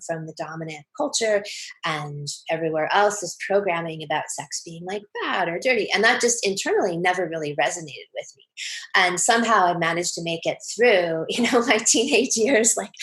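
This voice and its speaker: A woman's voice: on the low side, a bit bright, rough recording. A woman speaking as a sex coach guest on a podcast interview, emphatic and confident, laughing often.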